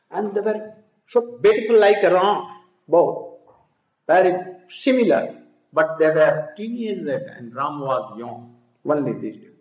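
Guy with telling a devotional story, slow, kinda high voice, echoey room, keeps going hmm?. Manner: slow, halting storytelling with frequent "hmm?" prompts to listeners. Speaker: spiritual teacher.

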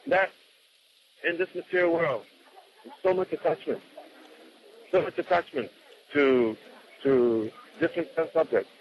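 A man's voice: on the high side, expressive, unhurried, pauses often, dull audio, a little hiss or hum. A man telling a devotional story off the cuff, often repeating words and acting out what the people in it said. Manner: unscripted, repeats words, acts out quotes.

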